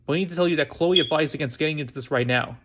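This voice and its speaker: A man's voice: a little high, very fast, fairly bright tone. A man reading the lines of an earnest, apologetic middle-aged male pilot in a novel. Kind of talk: read-aloud novel dialogue.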